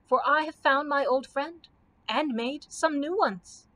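A woman's voice: high-pitched, unhurried, fairly bright tone, pitched above the performer's own voice. A woman reading aloud as an affectionate little girl. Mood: happy. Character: warm-hearted little girl.

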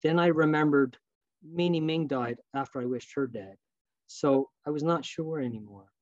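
A man reading aloud from his novel in a measured, earnest storytelling voice over a video call. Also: a little high, darkish tone, dry recording, lo-fi sound. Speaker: author.

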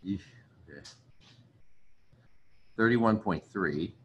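A man's voice: lowish voice, slow pace, slight background noise. A man teaching a chemistry lesson in a casual, chatty way, thinking aloud and apologizing as he writes. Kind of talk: casual recorded lecture.

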